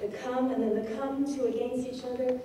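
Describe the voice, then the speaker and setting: A woman's voice: high voice, a little fast, far from the mic, a little hiss or hum. Woman lecturing in an echoey hall. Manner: expressive, reads lines aloud with emphasis. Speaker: lecturer on poetry. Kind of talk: lecture on poetic rhythm. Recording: echoey hall, recorded from afar.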